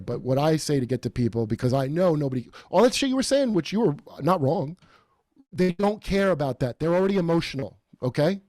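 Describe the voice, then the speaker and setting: A man's voice: medium pitch, a little mellow, dry recording. Profane rambling man on a podcast. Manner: profane, rambling, mocking quoted voices. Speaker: podcast host. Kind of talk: casual comedic chat.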